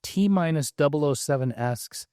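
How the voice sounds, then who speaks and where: A man hosting an interview podcast, who reads out listener questions and answers briefly and calmly. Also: fairly high pitch, normal speed, no echo, studio quality. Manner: calm and brief, with short affirmations. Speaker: podcast host.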